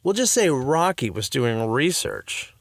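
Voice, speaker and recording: A man's voice: medium pitch, very animated, measured pace, no echo. A man doing a goofy detective dad. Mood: theatrical. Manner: theatrical, conspiratorial.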